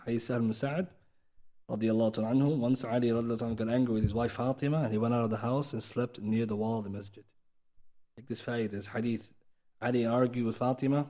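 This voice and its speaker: Male teacher, mid pitch, quick delivery, chatty lecture style that checks in with the audience. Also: warm tone. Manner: conversational, asks the audience "right?" often, acts out quoted speech. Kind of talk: recorded mosque class lecture. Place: mosque.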